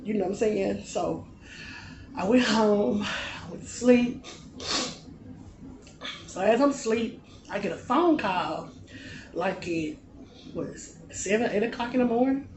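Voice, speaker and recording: A man in his late twenties telling a personal story to his vlog audience in a relaxed, conversational way, often dropping into a soft, low-key delivery. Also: slow, pauses often. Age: late 20s. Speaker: vlogger. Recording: echoey room with loud background noise.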